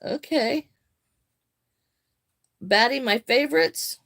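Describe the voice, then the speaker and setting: An older woman chatting casually on a crochet live stream, greeting viewers by name and answering their comments in a friendly, unhurried way. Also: fairly high pitch, fairly bright tone.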